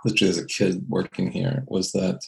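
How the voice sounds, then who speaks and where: A man from Canada with a deep, heavily gravelly voice recalls his path as an architect in an interview. He speaks thoughtfully, circling back with fillers and restarts as he gathers his thoughts. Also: monotone, a little fast, rough recording. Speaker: architect and designer. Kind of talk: reflective interview storytelling.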